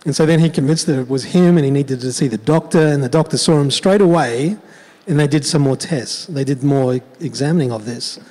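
A male pastor telling a story in his sermon, conversational and animated. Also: mid-range voice, a little fast, in a large hall, low-quality recording.

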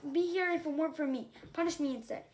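A woman reading aloud and voicing a loyal young male dragon who insists loudly on taking the blame. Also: sits high, quick pace, noisy background, natural voice. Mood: insistent. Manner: insistent, earnest.

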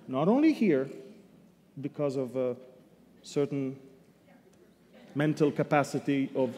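A man teaching the Bible as a sermon, emphatic, with sudden loud bursts and humorous asides. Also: a little high, very animated, a little slow, pauses often. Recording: long hall reverb.

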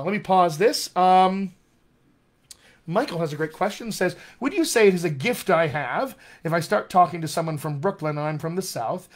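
A man teaching as a dialect coach in a live online session, enthusiastic and repeating key words for emphasis. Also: fairly high pitch.

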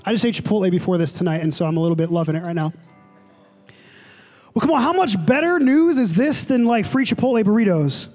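A young man preaching a sermon to a college ministry, casual and excitable with lots of fillers. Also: sits high, quick pace. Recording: long hall reverb, faint music.

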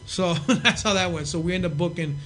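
A man's voice: sits high, fairly quick, slight background noise. A middle-aged man telling stories in casual, profane talk and acting out the voices of the people in them. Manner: profane, animated storyteller acting out quotes. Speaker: podcast guest. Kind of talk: casual storytelling.

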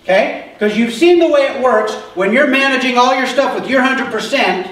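A man's voice: extremely high pitch, normal speed, a bit bright. A male pastor giving a conversational sermon and often checking in with the congregation. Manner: conversational preaching, asks the congregation questions. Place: church. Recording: echoey church hall from far off.

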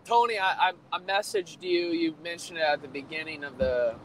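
A man's voice: fairly high pitch, a little fast, slight background noise, rough recording. A man co-hosting a faith livestream over a video call, earnest and hesitant with fillers. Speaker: co-host. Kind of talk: casual faith livestream talk.

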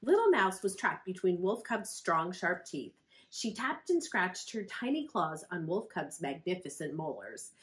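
A woman, a children's librarian, reading a picture book aloud to children in a friendly, expressive storytelling manner. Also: on the low side, unhurried.

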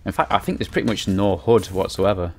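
A man's voice: deep voice, fairly quick, slight background noise. A man with a Scottish accent giving casual, jokey let's-play commentary. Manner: chatty, jokey asides to the viewer. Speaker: gaming channel host.

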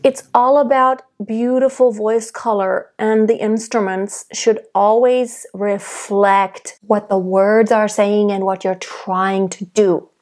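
A young adult woman giving a singing lesson, explaining technique calmly and demonstrating by singing. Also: medium pitch, slow pace, hardly any pauses. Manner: calm, explanatory teacher who demonstrates by singing. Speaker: vocal coach.

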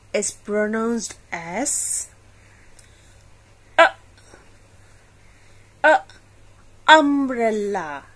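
A woman teaching a phonics lesson for children, slowly saying each sound and asking the listener to repeat. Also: medium pitch, slightly rough.

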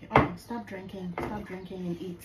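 A woman's voice: mid-range voice, fairly even intonation, a little fast. A mother hosting a family vlog, chatting casually at the breakfast table and coaxing the kids to eat. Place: home kitchen at breakfast table. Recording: roomy, distant, loud background noise.

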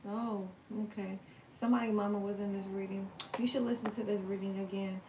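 A woman's voice: medium pitch, flat delivery, a little fast, far from the mic, background noise. Woman, tarot stream host, loose and slangy, reads chat aloud; set back from the mic in a roomy space with faint ambience. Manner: chatty, reads viewer comments aloud and answers them; frank and slangy, swears now and then. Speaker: tarot reader hosting a live stream. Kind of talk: casual live-stream chat.

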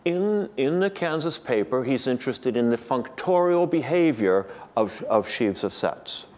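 A man's voice: mid-range voice, expressive, a little slow, a little mellow. A middle-aged man giving an academic seminar lecture, thoughtful and digressive, often restarting his sentences. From United States.

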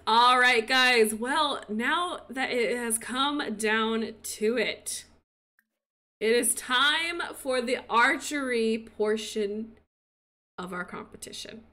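Excitable, bright-voiced woman gamer. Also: on the high side, takes it slowly. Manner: excitable, cheering and laughing. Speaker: gaming video creator. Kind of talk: casual game commentary.

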